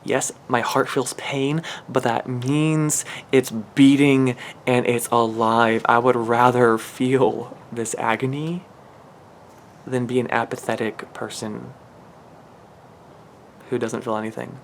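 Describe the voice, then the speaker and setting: A man's voice: medium pitch, flat delivery, takes it slowly, vocal fry, a little hiss or hum. A man giving a channeled spiritual reading in an emotional, earnest way, rambling and restarting his sentences. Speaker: spiritual reader.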